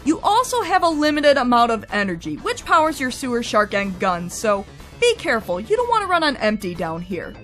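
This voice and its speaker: A woman narrates a game review with a high, bright voice. Her delivery is wry, chatty and full of swings in pitch, with faint music under her. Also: big pitch swings, brisk.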